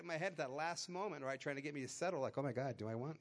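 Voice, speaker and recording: A man telling a personal testimony, animated and acting out the people in it. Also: mid-range voice, rapid-fire. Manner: animated storyteller acting out dialogue. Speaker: guest sharing testimony. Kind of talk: storytelling testimony.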